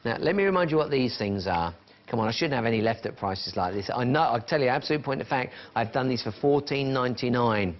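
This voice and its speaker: A man's voice: medium pitch, animated, fast, muffled recording. Chatty shopping-channel salesman. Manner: chatty, counts down falling prices. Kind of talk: live TV sales pitch. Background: music.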